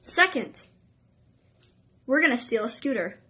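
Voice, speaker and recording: A woman's voice: on the high side, very animated, unhurried, bright, forceful tone, slight background noise, exaggerated voice. Woman quoting a bossy scheming girl.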